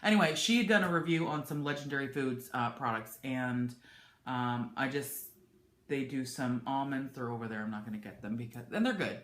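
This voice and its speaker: A woman's voice: rumbling low, normal speed, reverberant. A woman chatting candidly to camera from her home office, rambling with frequent restarts. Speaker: vlogger. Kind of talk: casual chat to camera.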